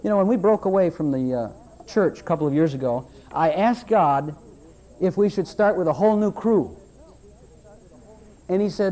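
Lively, high-pitched preaching man. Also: moderate pace, pauses often. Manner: animated, repetitive preaching with mock-voiced asides. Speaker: pastor. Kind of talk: sermon. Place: church.

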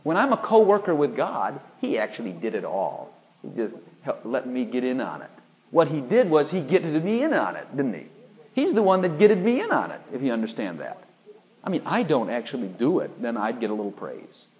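A man's voice: mid-range voice, huge pitch swings, fairly quick, darkish tone, rough recording. A man preaching a sermon, emphatic and full of rhetorical questions aimed at his listeners.

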